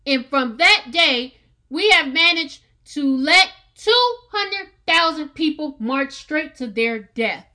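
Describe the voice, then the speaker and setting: Bright-voiced, emphatic woman host. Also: high voice, lively intonation, slow pace. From United States. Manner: earnest and emphatic, with repeated words. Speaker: podcast host. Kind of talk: opinion monologue podcast.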